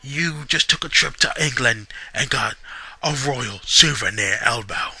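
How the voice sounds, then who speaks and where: A boastful English wrestling villain, as a man voices him. He sounds smug and pleased with himself. He speaks slowly and theatrically, a little above his normal pitch. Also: bright, forceful tone, husky, exaggerated voice.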